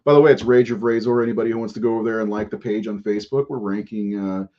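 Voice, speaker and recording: A man's voice: on the low side, fairly even intonation, very fast, mellow. A man hosting a podcast in casual live-stream chat, rambling and profane and laughing often. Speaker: podcast host. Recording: dull lo-fi audio.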